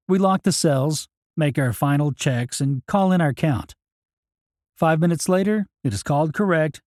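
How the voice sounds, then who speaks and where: A man's voice: a little high, darkish tone, no echo, studio quality. A man narrating an audiobook in the first person in a plain, matter-of-fact way.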